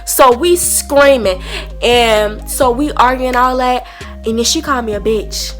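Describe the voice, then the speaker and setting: A young woman, telling an animated storytime to camera and acting out both sides of a heated argument. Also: on the high side, a little slow, faint music behind. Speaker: storytime vlogger.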